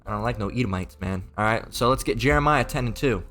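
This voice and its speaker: A man's voice: medium pitch, fast, a bit bright, faint music behind. A man preaching in a profane, rambling rant, mocking and crude, with many repeats and stumbling restarts.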